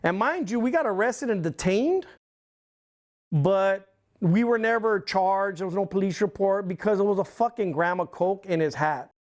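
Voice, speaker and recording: A middle-aged man, a former club president appearing as an interview guest, tells a heated, profane story in blunt, casual language, swearing constantly. His voice sits high and his pace is moderate.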